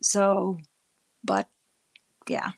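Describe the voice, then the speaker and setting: A middle-aged woman hosts a livestream, chatting casually with viewers and reading their chat, rambling and often restarting her words. Her medium-pitched voice is creaky and sing-song, and she speaks extremely slowly.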